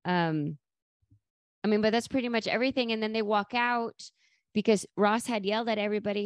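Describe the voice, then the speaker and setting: A woman's voice: medium pitch, a little fast, dry recording. Chatty woman, dry close sound. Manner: lively, acts out quoted lines with laughter. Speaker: podcast co-host. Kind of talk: casual chat recapping a sitcom episode.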